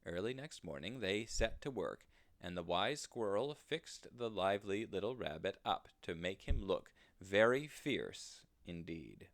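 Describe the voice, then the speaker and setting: A man reading a children's storybook aloud in an expressive, sing-song storytelling manner. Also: low-pitched, a little slow, dry recording.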